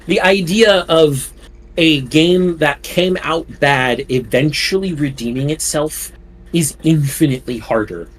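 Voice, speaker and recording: A man co-hosting a casual gaming podcast, animated and quick to interject with counterpoints. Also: on the high side, slight background noise. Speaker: podcast co-host.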